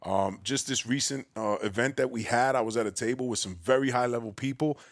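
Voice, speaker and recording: A man from the Bronx with a New York accent, a podcast guest telling his story in a big, loud, boisterous way. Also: brisk, dry recording, clean studio sound. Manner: acts out quoted voices with a raised pitch. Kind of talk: casual storytelling conversation.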